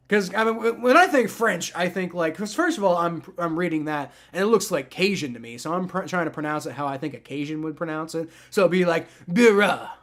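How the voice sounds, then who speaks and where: Hosting a live stream reacting to football, this man with Southern American family roots talks in a loose, rambling way, cursing and frequently starting over. His voice is on the high side and a bit bright.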